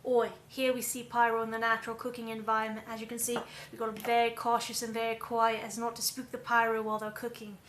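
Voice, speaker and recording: A woman putting on a mock Australian accent, playing an excitable outback wildlife documentary presenter narrating in a hushed, mock-reverent way. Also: fairly high pitch, fast talker, hardly any pauses, a little hiss or hum, natural voice. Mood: mock-serious. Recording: echoey kitchen with clattering dishes.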